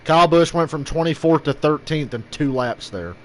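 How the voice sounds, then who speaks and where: A man's voice: on the high side, animated, normal speed. Blunt, swearing man ranting about racing. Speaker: host of a live race reaction stream. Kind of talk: casual live commentary.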